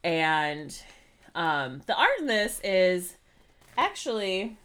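A woman's voice: lowish voice, big pitch swings, takes it slowly, a bit bright. A woman co-hosting a podcast, chatting casually in a rambling, giggly way. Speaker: podcast co-host. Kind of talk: casual chat.

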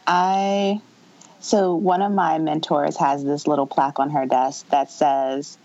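A woman speaks reflectively as a podcast guest in a low voice. The recording sounds a little dull and muffled. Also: level tone, slow pace, darkish tone. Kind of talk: casual podcast conversation.

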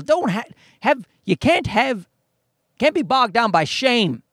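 A man's voice: very high-pitched, slow pace, no room sound, studio quality. A man in his thirties, a comedian and podcast host, rambling and swearing through a casual comic monologue. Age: 30s. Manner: rambling, profane, animated. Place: parking garage.

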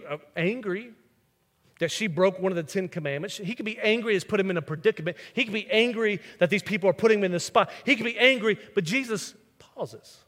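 A man's voice: high-pitched, a bit bright. A male pastor, preaching a sermon and telling stories with acted-out voices. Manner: storytelling, acts out quoted voices. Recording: long reverb of a large hall.

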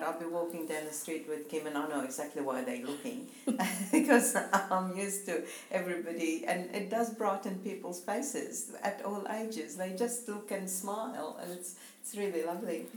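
Woman, low-ish voice, chatty co-host, reflective storyteller, roomy echo. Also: a little mellow, a little hiss or hum. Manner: reflective, chatty storyteller who laughs easily. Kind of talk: casual chat, telling anecdotes.

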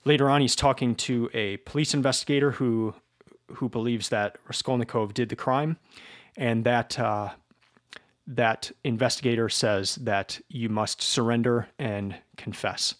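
A male teacher talks through a novel in a slow, reflective way, often stumbling and repeating words. His voice sits at a medium pitch. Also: steady tone. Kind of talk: informal book lecture.

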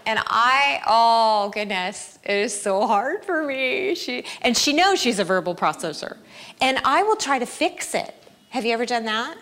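Middle-aged woman, a touch high-pitched, candid motivational speaker for moms, self-deprecating and quick to laugh. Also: fairly bright tone. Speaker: speaker at a family camp. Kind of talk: inspirational talk to mothers.

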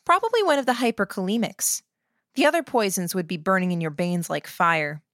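A woman voicing a calm, clinical young woman medic who speaks in a flat, detached way. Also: mid-range voice, fairly quick, dry recording, clean studio sound, lightly acted. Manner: flat, textbook-reciting delivery.

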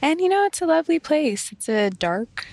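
A woman's voice: sits high, sing-song, normal speed, a little mellow, no room sound. A young woman from the American Midwest, chatting casually as a guest over a remote call, with frequent ums and likes. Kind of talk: casual interview chat.

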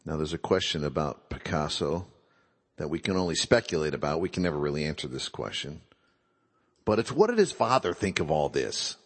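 A man's voice: very deep voice, big pitch swings, a little fast, long reverb tail. A man giving a reflective talk, musing aloud and posing rhetorical questions.

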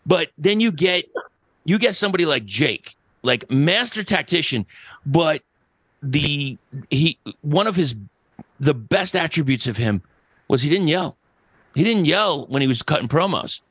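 A man's voice: a little high, animated, a little slow, fairly bright tone, slightly rough, no echo. Rambling, profane middle-aged man. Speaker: podcast host. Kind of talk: casual podcast chat.

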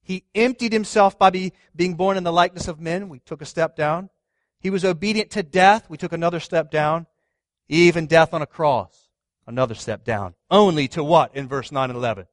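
A man's voice: a little high, moderate pace, no room sound, studio quality. Emphatic man preaching a sermon. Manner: emphatic, asks the congregation questions, swings from loud to hushed. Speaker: pastor.

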